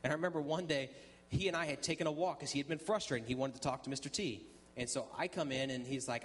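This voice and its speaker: A man's voice: medium pitch, fast, slight background noise. A man sharing his testimony at a church, telling a story conversationally with frequent ums and restarts and acting out the dialogue. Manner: acts out dialogue in quoted voices. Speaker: guest speaker sharing testimony.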